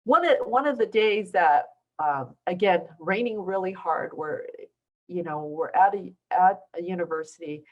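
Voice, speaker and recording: A woman's voice: fairly low pitch, lively intonation, normal speed, lo-fi sound. A middle-aged woman from southern China, a basketball coach, tells stories to an audience in a casual way, full of restarts and fillers. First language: Taiwanese. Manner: conversational storytelling with many restarts and fillers. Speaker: basketball coach giving a talk. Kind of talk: informal speech to an audience. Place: university lecture hall.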